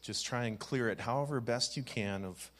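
A man, a pastor, leading a congregation through a gentle guided meditation with easy fillers. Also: mid-range voice, moderate pace. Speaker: youth pastor.

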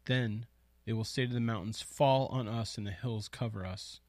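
A man reading the words of Jesus slowly and solemnly in a scripture reading. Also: lowish voice, a little mellow, dry recording, natural voice.

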